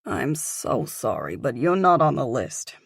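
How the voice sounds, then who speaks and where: A woman's voice: very deep voice, sing-song, a little slow, creaky, husky, dry recording, clean studio sound, pitched below the performer's own voice, exaggerated voice. A woman voicing a polite male hotel concierge who speaks formally and courteously.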